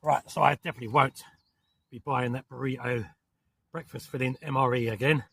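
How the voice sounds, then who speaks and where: Gravelly southern English man in a tent. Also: mid-range voice, steady tone, brisk, fairly bright tone, slight background noise. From southern England. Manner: chatty, rambling, mild swearing with apologies. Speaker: camping vlogger. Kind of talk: casual talk to camera. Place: inside a small hot tent in woodland.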